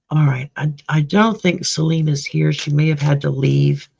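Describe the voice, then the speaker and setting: A woman's voice: low-pitched, fairly even intonation, moderate pace, creaky, few pauses, darkish tone, breathy edge. A woman doing a live-streamed card reading as a tarot reader, chatty and greeting viewers by name. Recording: dull lo-fi sound.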